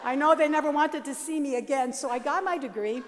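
High-voiced older nun in a reverberant hall. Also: female voice, fairly quick, heavy background noise. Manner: lively, laughing, acts out sounds and dialogue. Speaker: Catholic nun telling her life story. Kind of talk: animated personal storytelling.

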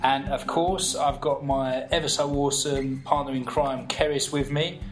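A man's voice: medium pitch, fairly even intonation, normal speed, music in the background. Enthusiastic male podcast host. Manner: enthusiastic, chatty. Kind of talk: upbeat podcast hosting.

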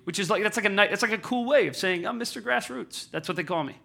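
High, bright-voiced man joking with audience. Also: racing. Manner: self-deprecating, animated, asks the audience questions. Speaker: speaker at a live event. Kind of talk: candid, humorous talk to an audience.

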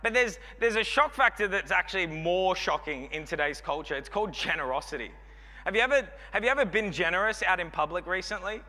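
A man's voice: high-pitched, expressive, a little fast, pushed and bright. A man in his thirties with an Australian accent, preaching a sermon in a chatty, joking, rambling way full of fillers. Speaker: pastor. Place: church hall. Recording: long hall reverb.

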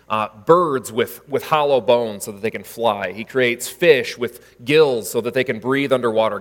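A man's voice: mid-range voice, long reverb tail. A man preaching a sermon in a conversational way, with frequent fillers and restarts. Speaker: pastor.

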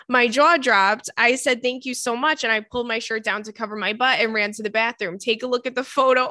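Bright, chatty young woman host. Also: on the high side, animated, normal speed, no room sound, clean studio sound. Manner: chatty, swears casually, shrieks and laughs. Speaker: podcast host reading listener letters. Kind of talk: casual chat.

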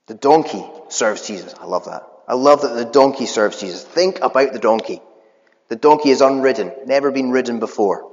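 Man preaching a sermon, casual and chatty, mid-pitched voice, echoey church hall, muffled lo-fi sound. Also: normal speed. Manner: conversational, with filler words and restarts.

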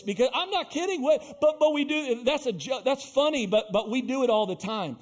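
A man with a notably high voice preaches from the pulpit, reading scripture and then driving his point home with emphatic asides to the congregation. He speaks as the pastor of the church, animated and pressing. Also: normal speed, hardly any pauses. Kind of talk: sermon.

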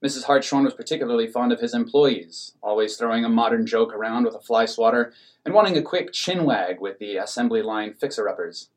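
A man narrating an absurd comic story in a deadpan, matter-of-fact way. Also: medium pitch, brisk.

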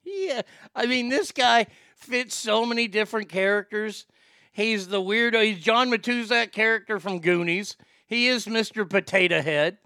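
Podcast host, man, high gravelly voice, mocking comedic delivery. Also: moderate pace, dry recording, studio quality. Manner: loud, mocking, laughs at his own jokes. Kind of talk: casual comedic commentary.

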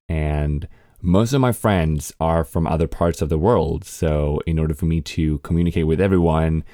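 Young Swedish podcast host with a learned American accent, low voice, candid and self-mocking, close dry mic. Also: male voice, mellow, no room sound. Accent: American English learned by a Swedish speaker. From Sweden. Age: 20s. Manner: chatty, candid, swears casually, laughs at himself. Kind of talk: casual solo podcast monologue.

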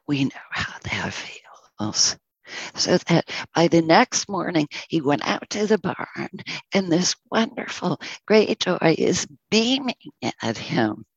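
A teacher telling a parable in a slow, soft, often whispered teaching talk. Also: mid-range voice, gravelly, husky, no room sound, low-quality recording.

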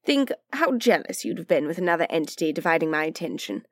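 A woman's voice: sits low, big pitch swings, fast talker, no room sound. A woman playing a dry, witty aristocratic man who talks in a languid, teasing way. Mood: wry.

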